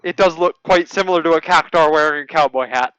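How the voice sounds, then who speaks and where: A man's voice: fairly high pitch, fast, a bit bright, clean tone, dry recording, muffled recording. A man narrating a tabletop game as game master, casual and a little hesitant.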